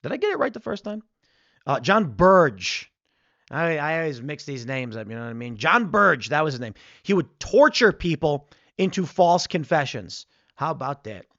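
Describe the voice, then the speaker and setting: Chicago guy ranting on his show, kinda high voice, dead dry dull mic. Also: very animated, moderate pace, fairly bright tone, no room sound. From United States. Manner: rambling storytelling, acts out quotes. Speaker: commentary show host. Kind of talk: political commentary monologue.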